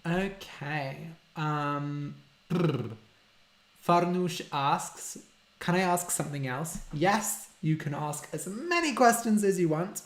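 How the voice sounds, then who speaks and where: A man's voice: on the high side, animated, slow pace. A man, a language teacher hosting a casual live-stream Q&A, reading out viewer questions and explaining simple words for learners. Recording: roomy echo.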